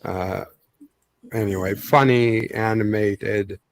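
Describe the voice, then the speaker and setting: A man in a casual live-stream chat, speaking haltingly with many ums and uhs. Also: fairly low pitch, steady tone, dry recording.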